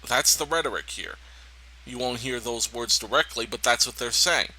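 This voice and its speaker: Bright-voiced indignant male commentator. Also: mid-range voice, normal speed, slight background noise, low-quality recording. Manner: indignant, emphatic, mocking. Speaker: commentator reacting to a clip. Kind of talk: political reaction commentary.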